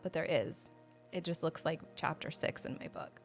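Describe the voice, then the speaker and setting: A woman hosts a livestreamed devotional Bible study, speaking earnestly and conversationally to viewers and openly sharing her own struggles of faith. Her voice is lowish, her pace moderate with frequent pauses, and faint music plays behind her.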